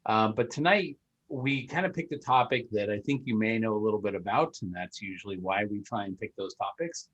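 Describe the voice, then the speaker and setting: A man's voice: fairly low pitch, brisk, a bit bright, dull audio. A man hosting a podcast, chatting casually in a loose, rambling way with many fillers. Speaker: podcast host. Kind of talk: casual interview chat.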